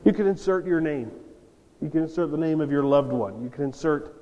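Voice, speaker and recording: The pastor, jet-lagged, speaks on the high side, a little fast, in a mellow voice with the highs cut off. His earnest sermon to the congregation swells into emphatic bursts, echoing with the long reverb of a church sanctuary.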